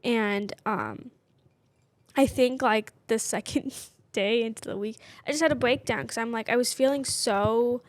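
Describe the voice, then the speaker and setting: A woman's voice: on the high side, unhurried, dry recording. A woman in her twenties co-hosting a podcast, talking openly and personally with many "like" fillers. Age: 20s. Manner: candid, personal, constant "like" fillers. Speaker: podcast co-host. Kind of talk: casual chat.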